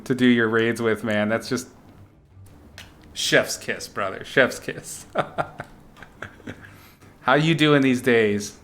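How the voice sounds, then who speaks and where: A man talks slowly and easily to his stream chat while he paints, laughing often and making up playful words. His voice sits at an ordinary middle pitch. Faint music plays behind him. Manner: playful, giggly, greets chat warmly and makes up silly words.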